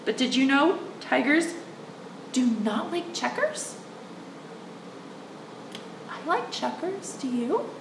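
A children's librarian, a woman, reads a picture book aloud in a lively, sing-song voice, drawing the little ones in. She talks in an unhurried way. The sound is roomy and echoing, picked up from a few steps away. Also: high-pitched, far from the mic, background noise. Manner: animated, coaxing, speaks directly to the kids.

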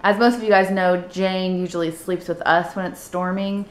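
A woman's voice: fairly low pitch, flat delivery, normal speed, soft background music. A young woman chatting to viewers in a casual family vlog at home, speaking into a handheld camera. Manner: chatty, talking straight to viewers. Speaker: family vlogger. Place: family home indoors on a rainy day. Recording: echoey room.

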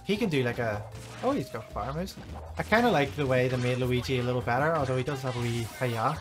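A man's voice: medium pitch, lively intonation, fast talker. A young Irish man chatting casually with a friend while gaming, joking and swearing freely. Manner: joking, swears freely, breaks into silly put-on accents. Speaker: gamer. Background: game music.

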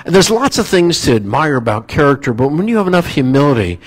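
A pastor giving a sermon, telling stories in a relaxed, conversational way with asides. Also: male voice, fairly high pitch, fast, rough recording. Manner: storytelling, conversational with asides and chuckles.

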